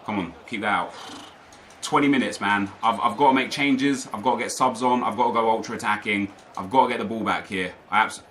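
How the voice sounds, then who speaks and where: A man's voice: fairly low pitch, a little fast, fairly bright tone, slight background noise. A young man commentating live over his own gameplay, ranting in frustration to his viewers. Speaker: gaming YouTuber.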